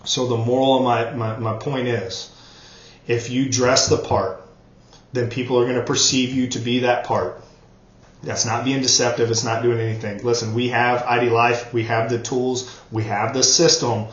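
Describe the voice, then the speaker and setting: A man's voice: mid-range voice, flat delivery, normal speed. A man giving an earnest motivational training talk, repeating words for emphasis. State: choked up, coughing. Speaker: network marketing trainer. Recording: roomy, dull lo-fi sound.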